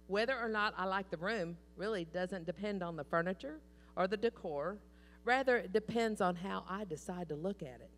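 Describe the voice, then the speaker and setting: A woman speaking as a cheerful ninety-two-year-old man, calm and steady as he explains his outlook. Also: mid-range voice, in a large hall, lightly acted.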